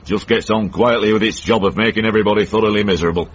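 An actor playing a cantankerous older northern man in a radio comedy drama, blunt and gruff with a Northern English accent. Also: on the low side, fairly even intonation, rapid-fire. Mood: grumbling. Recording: dull old radio broadcast.

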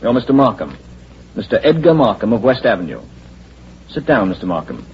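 An actor playing a smooth, scheming male company president who mocks those around him, in 1940s radio acting on a dull lo-fi old radio recording. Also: lowish voice, big pitch swings, a little fast, a little hiss or hum. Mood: suave. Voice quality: suave, sneering, condescending. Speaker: corporate president.

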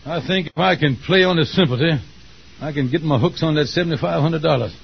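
An actor playing a scheming, smooth-talking con man who groans theatrically in 1940s radio acting, on a dull old radio broadcast. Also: on the high side, fast talker, slight background noise.

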